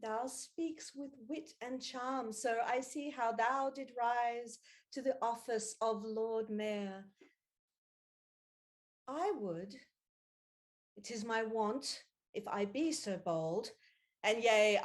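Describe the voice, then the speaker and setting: A woman improvising as a bold suffragette lady, declaiming in mock-Shakespearean speech. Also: on the high side. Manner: declamatory, old-fashioned speech with thee and thou. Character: bold young suffragette lady, earnest and rousing. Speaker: improv stage actor.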